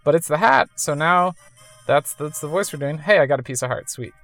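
A woman with a low voice rambling through a video game, chatty and amused by her own jokes. Her tone swings up and down lively. Soft game music sits under her voice. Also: a little fast. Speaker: let's-play gamer. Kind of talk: casual game commentary.

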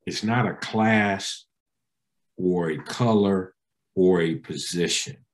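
A man, a pastor, answering interview questions in an emphatic, preacherly way. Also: takes it slowly. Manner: emphatic, preacherly, with wide pitch swings.

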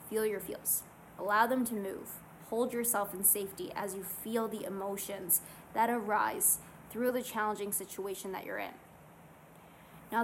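Earnest woman coaching calm steps. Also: mid-range voice, slight background noise, low-quality recording. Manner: soothing, earnest, guiding through steps. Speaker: self-help vlogger. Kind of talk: casual motivational talk to camera.

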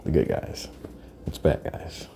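A man delivering a profane, rambling monologue as a podcast host, often dropping into hushed, breathy asides. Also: slow pace.

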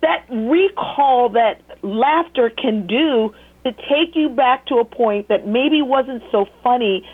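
A woman tells lively stories as an interview guest and breaks into laughter between them. Her voice sits a little high and comes through a thin, phone-like line. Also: takes it slowly, few pauses. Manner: animated, laughing storyteller who mimics voices. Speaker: guest, teacher. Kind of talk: casual storytelling interview.

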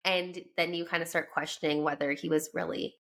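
A woman's voice: sits low, fairly even intonation, fairly quick, vocal fry, a bit bright. A young Canadian woman hosting a casual book podcast, chatty and laughing as she drifts into tangents, speaking while sick with a cold. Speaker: podcast host.

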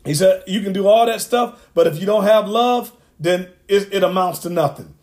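A man's voice: high voice, normal speed, darkish tone. A man preaching a sermon, emphatic and repetitive, with asides to the congregation.

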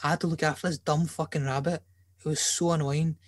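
A man's voice: on the high side, flat delivery, quick pace, no room sound. A man hosting a podcast in casual chat, a joking, rambling storyteller who swears freely. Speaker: podcast host.

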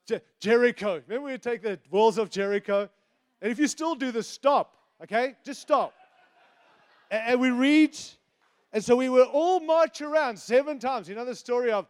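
A middle-aged man preaching a sermon, animated and teasing, moving between loud emphasis and hushed asides. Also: very high voice, normal speed. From outside the United States.

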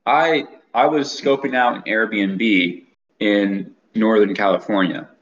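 Young male co-host, low voice, rambling storyteller, dull lo-fi sound. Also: takes it slowly. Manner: rambling anecdote teller, restarts often. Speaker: podcast co-host. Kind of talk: casual storytelling.

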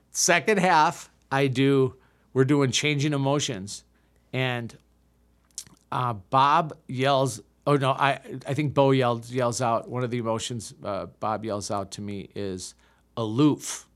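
A man's voice: mid-range voice, takes it slowly, fairly bright tone. Fifty-something guy, improv comic, rambly storyteller, mid voice, keeps restarting his sentences. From United States. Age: 50s. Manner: rambling, self-deprecating, frequent restarts. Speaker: podcast guest, improv comedian. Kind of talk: casual storytelling chat.

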